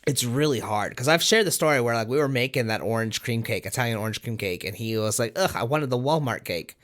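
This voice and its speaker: A man co-hosting a casual podcast, telling family stories in an animated, lively way. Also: medium pitch, quick pace. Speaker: podcast co-host.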